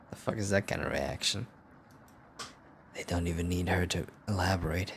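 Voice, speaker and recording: A young man playing a text game, reading its story aloud in a hushed narrating voice and breaking off into profane, laughing commentary. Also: sits low, normal speed, pauses often, a little hiss or hum. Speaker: let's play gamer.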